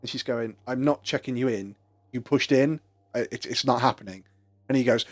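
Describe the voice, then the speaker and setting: A man's voice: medium pitch, moderate pace. A British man joking dryly and telling stories while gaming with friends. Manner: dry, jokey storyteller. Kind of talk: casual gaming chat.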